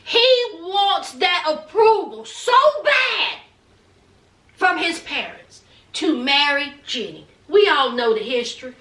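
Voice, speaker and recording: A woman's voice: sits high, sing-song, slow, sharp tone. A woman giving a casual gossip recap of a reality show, sassy and drawling, with many asides to her viewers. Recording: echoey room.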